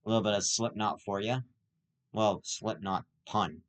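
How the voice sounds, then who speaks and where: A man's voice: on the low side, moderate pace. Stammering young man ranting. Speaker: host. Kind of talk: rambling comedic monologue.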